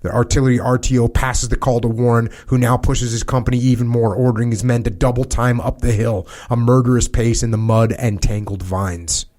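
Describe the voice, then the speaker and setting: A man reads a battlefield account aloud, steady and grave, at a middle pitch. He keeps the pace measured and sometimes trips and restarts a word. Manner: measured, grave reading with small slips and restarts. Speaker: podcast host. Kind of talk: reading a war account aloud.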